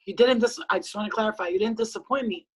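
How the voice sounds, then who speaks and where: A woman's voice: mid-range voice, fast, husky, poor audio. A woman on a video call giving a group member blunt, profane advice in a casual heart-to-heart. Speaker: spiritual reader hosting a group call.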